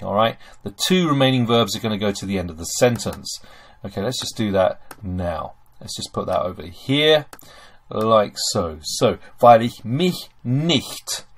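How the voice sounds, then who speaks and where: A man teaching German grammar over a screen recording, chatty and full of okays and fillers. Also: fairly low pitch.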